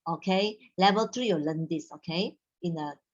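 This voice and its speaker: A woman's voice: fairly low pitch, lo-fi sound. A woman teaching a Mandarin class online, instructive and slipping Malay words into her English. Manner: instructive, mixes in Malay words, models tones slowly.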